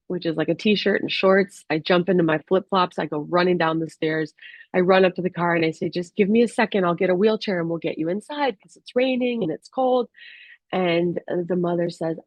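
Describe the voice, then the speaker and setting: Candid, halting woman telling a personal story. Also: lowish voice, dry recording, muffled recording. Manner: candid, halting, with many restarts and fillers.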